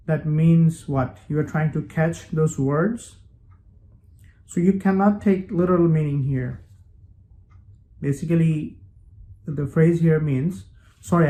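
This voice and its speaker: A man teaching English phrases in a casual lesson, repeating each phrase slowly and switching into Bengali to explain. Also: a little high, mellow, a little hiss or hum.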